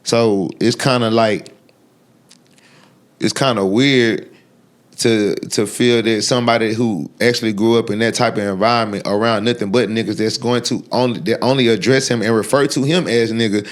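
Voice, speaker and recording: A man's voice: on the low side, steady tone, moderate pace. Blunt, profane man rambling. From Texas. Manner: blunt, profane, rambling with many restarts and fillers. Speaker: guest. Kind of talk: unfiltered sit-down interview talk.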